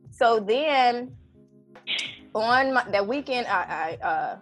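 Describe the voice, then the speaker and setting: A woman in her thirties telling a personal story in casual conversation, animated and acting out her own prayers with lots of "you know". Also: mid-range voice, measured pace, faint music behind. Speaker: event organizer and guest.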